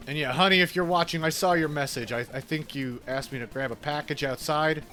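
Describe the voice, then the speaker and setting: A man's voice: on the high side, fairly quick, bright, forceful tone, faint music behind. A man from New York with an Italian-American New York accent, chatting casually and laughing while streaming a game. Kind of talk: casual chat while gaming.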